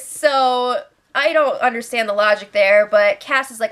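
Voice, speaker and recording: A woman's voice: sits high, a little slow, fairly bright tone, clean tone. A young woman recapping a reality show in a chatty, sarcastic way, acting out what the players said. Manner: chatty, sarcastic, retells with quoted voices. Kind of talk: casual recap commentary.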